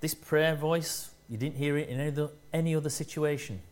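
A man preaching a sermon, speaking in short measured phrases and rising in force to stress key lines. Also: a little high, fairly even intonation, a little mellow.

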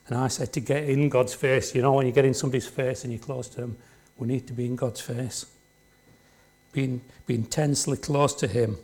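A man's voice: mid-range voice, darkish tone. A man preaching a sermon in a church, talking conversationally and often checking in with the congregation through tag questions.

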